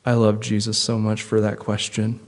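A pastor preaching a sermon in an emphatic way, repeating key phrases and moving between hushed and loud. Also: male voice, fairly low pitch, monotone, normal speed.

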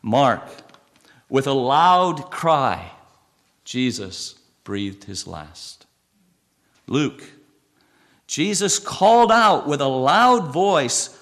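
A man preaching a sermon, reading scripture slowly and swinging between a hushed voice and raised, emphatic lines. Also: mid-range voice, very animated. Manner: reads scripture aloud with slow emphasis.

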